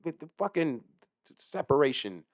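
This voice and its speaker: A man who works as a delivery driver, ranting casually to camera, heated and swearing heavily, swinging between low muttering and loud outbursts. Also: very animated, moderate pace, dry recording, studio quality. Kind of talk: casual profane rant to camera.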